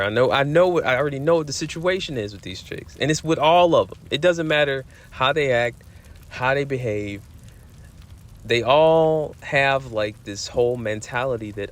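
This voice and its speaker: A man's voice: medium pitch, fairly quick. A man telling a story in a heated, profane rant, repeating himself for emphasis. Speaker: vlogger.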